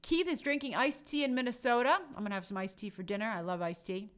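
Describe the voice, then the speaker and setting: Speaking fast in a mid-range voice with fairly level intonation, a young woman hosts a live stream. She chats casually and warmly, reading viewer comments and saying their names out loud.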